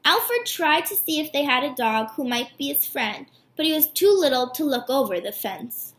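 High, animated teacher reading a storybook. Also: female voice, moderate pace. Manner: warm and animated. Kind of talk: reading a picture book aloud. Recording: echoey room.

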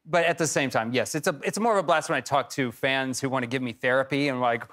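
A man's voice: mid-range voice, fast. Chill guy in his 40s on a talk show couch, laughs a lot, easygoing. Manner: relaxed, laughs often, self-deprecating. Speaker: actor, talk show guest. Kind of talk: casual chat. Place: television studio with audience.

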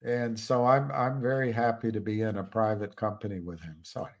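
A man's voice: fairly low pitch, steady tone, normal speed. An older man hosting a live stream, chatting casually and rambling with frequent restarts. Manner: rambling, musing, many restarts. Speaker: livestream host.

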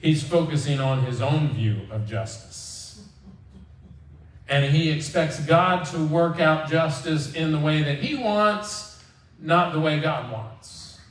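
Animated pastor with a higher voice, echoey church. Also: male voice, takes it slowly. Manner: animated, acts out quoted voices. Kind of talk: conversational sermon. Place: church sanctuary. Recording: echoey church hall from far off.

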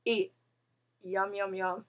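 A woman's voice: medium pitch, flat delivery, takes it slowly, a bit bright, highs cut off. A young woman giving playful let's-play commentary, giggling often and bossing other players around. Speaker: gamer.

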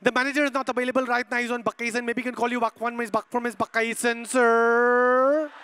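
A man's voice: very high voice, level tone, quick pace, sharp tone, clean tone. A man putting on a Filipino English accent to play an overly polite service worker who keeps saying sir, in sing-song broken English. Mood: apologetic. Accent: Filipino English (imitated).

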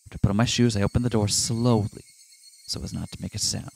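A man's voice: fairly low pitch, fairly even intonation, quick pace, gravelly, slight background noise. A man, host of a gaming show, reads a visual novel aloud with dramatic narration and trades jokes with his co-host. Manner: dramatic reading mixed with joking asides. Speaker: let's play host. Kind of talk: reading a visual novel aloud with casual commentary.

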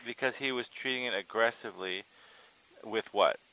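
Bright-voiced male doctor host asking questions. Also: on the low side, moderate pace, no room sound, rough recording. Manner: brief probing questions, frequent backchannels. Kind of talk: interview questions.

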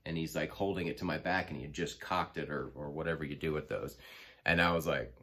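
Deep-voiced man rambling through a story. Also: brisk, a bit bright, breathy edge. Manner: rambling, many fillers and restarts. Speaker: angler telling a personal story. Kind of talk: casual first-person storytelling.

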